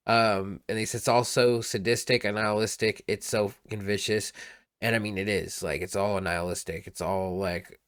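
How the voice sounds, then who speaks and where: A man's voice: lowish voice, dry recording, studio quality. A man casually reacting to a song as a streamer, rambling and laid-back, peppering his talk with "like" and "dude".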